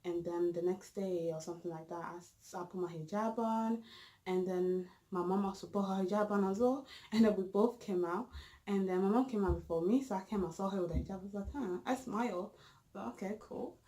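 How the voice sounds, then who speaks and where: A woman's voice: medium pitch, a little fast, warm tone, rough recording. A young woman, casually telling a storytime vlog with lots of fillers and restarts. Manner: rambling, full of fillers and restarts. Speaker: vlogger.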